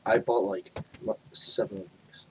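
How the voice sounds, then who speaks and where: A man rambling hesitantly in a casual chat with friends, full of pauses and fillers. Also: lowish voice, steady tone, a little hiss or hum, low-quality recording. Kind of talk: casual chat while gaming.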